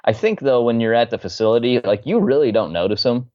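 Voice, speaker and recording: A man co-hosting a podcast in casual chat, excitable, swearing freely and laughing a lot. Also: medium pitch, fast, dry recording, highs cut off. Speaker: podcast co-host.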